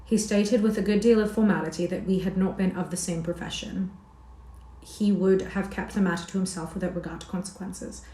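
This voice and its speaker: Female audiobook narrator, low mellow tone, measured literary delivery, roomy echo. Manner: steady measured literary reading. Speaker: audiobook reader. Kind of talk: scripted narration.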